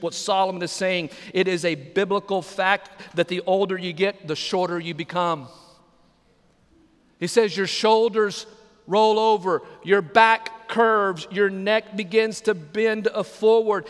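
Male pastor, high voice, playful sermon with questions to the pews, live hall reverb. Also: fairly bright tone, clean tone. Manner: humorous, asks the congregation questions. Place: church sanctuary.

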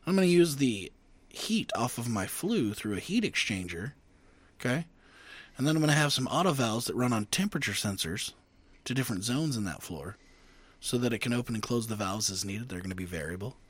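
A man co-hosting a podcast in casual banter, profane and animated as he tells a story. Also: medium pitch, fairly quick, husky, no echo. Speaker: podcast co-host.

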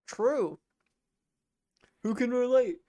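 A woman's voice: a little high, extremely slow, dark tone, dry recording. A woman co-hosting a podcast in casual chat, crude and self-mocking, laughing often. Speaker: podcast co-host.

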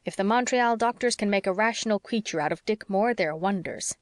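A woman reading the part of a sharp-tongued older spinster neighbour in an audiobook, blunt and scolding. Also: medium pitch, fairly quick, no echo, studio quality, close to an everyday voice. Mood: scornful.

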